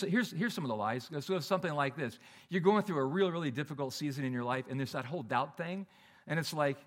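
A middle-aged man preaching a sermon in a conversational, animated way, often restarting his sentences. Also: on the high side. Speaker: pastor.

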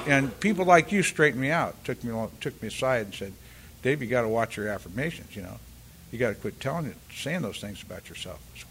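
An older man giving a halting, rambling personal share at a recovery meeting, full of restarts and "you know," and acting out the voices of the people in his story. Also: mid-range voice, a little hiss or hum. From California, US. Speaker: speaker sharing at a recovery meeting.

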